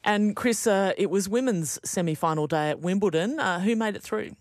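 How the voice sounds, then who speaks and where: A woman hosting a live breakfast radio program in a brisk, conversational way. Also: mid-range voice, no echo, clean studio sound.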